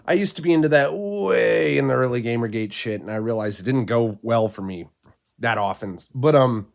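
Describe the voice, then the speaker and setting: A man's voice: mid-range voice, expressive, normal speed, creaky. A man with a nasal voice from a cold, giving blunt, rambling commentary with frequent swearing. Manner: blunt, profane, rambling with fillers. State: sick, nasal voice. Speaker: commentary channel host. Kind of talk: casual opinion commentary.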